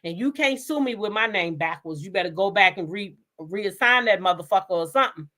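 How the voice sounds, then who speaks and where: A woman's voice: medium pitch, animated, brisk, pushed and bright. A woman hosting a gossip live stream, talking bluntly and profanely and laughing often. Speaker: host of a gossip show. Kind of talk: casual live-stream commentary.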